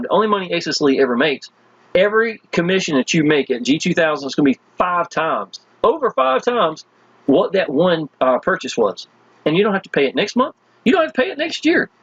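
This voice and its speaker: A man giving a casual, enthusiastic sales pitch as he walks through web pages, speaking folksy and chatty. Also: breathy edge, no echo, highs cut off. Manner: folksy and enthusiastic, constantly addressing listeners as "y'all". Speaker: online marketing promoter.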